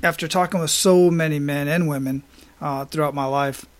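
A man's voice: on the high side, steady tone, normal speed. A man hosting an interview, affirming his guest and thinking aloud with restarts. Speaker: podcast host. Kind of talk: conversational interview.

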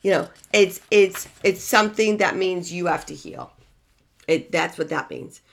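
Woman, relationship coach, lowish voice, emphatic, repeats herself, soft then loud, advice monologue. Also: unhurried, gravelly.

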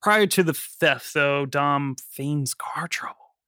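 A man's voice: fairly high pitch, slow pace, sharp tone, clean tone, no room sound, clean studio sound. A man co-hosting a podcast, recapping and joking about a film in a laid-back way. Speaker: podcast co-host. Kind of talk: casual movie review chat.

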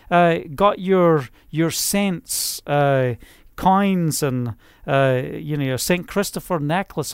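A man's voice: high voice, clean tone, dry recording, clean studio sound. A man preaching an informal online sermon, rambling and conversational, with many fillers and restarts.

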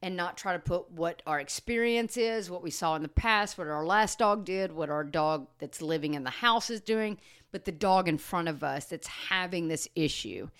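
A woman co-hosting a podcast on dog training, explaining in an earnest, steady way and sometimes slowing and softening her voice. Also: on the low side, clear, resonant tone. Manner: earnest, explanatory, slows and softens to demonstrate calm talk. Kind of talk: casual podcast chat.

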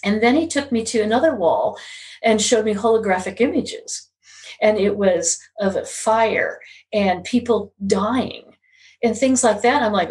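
A woman's voice: medium pitch, measured pace, a little mellow, poor audio. Laughing woman telling a story. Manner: laughs often, acts out quoted voices. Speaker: guest. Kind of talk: casual interview, storytelling.

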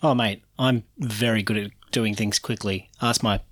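A man's voice: lowish voice, fairly even intonation, normal speed, no echo, studio quality. A man co-hosting a casual sports podcast, making cheeky jokes. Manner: cheeky, jokey. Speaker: podcast co-host.

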